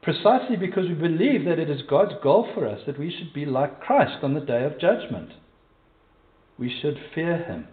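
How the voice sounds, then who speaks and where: A South African man preaches with emphasis, firing questions straight at his listeners. His fairly high voice sounds distant and thin, as if heard over a phone line. It rings out in a reverberant church. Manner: emphatic, asks the congregation direct questions. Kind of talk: sermon.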